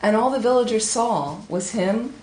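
A woman giving a Buddhist talk, telling a teaching story with lively, high-pitched acted quotes. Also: normal speed. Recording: echoey room with faint ambience.

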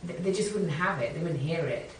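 A woman with a low, deep voice talks hesitantly in casual chat. She sounds distant from the mic in a very echoey room, with a faint hiss behind her. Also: animated, a little fast. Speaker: conversation partner.

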